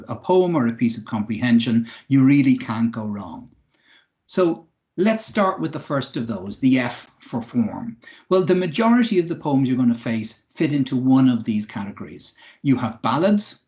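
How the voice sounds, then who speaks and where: A man's voice: mid-range voice, a little mellow, dull audio. Man teaching a poetry lesson. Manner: clear explanatory delivery, occasional fillers. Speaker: English teacher. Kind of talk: online lesson.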